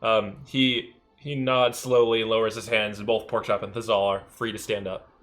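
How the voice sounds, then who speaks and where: A man's voice: lowish voice, level tone, moderate pace, a bit bright, faint music behind. A man narrating a tabletop game as game master, hesitant and full of ums. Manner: hesitant, many ums and uhs.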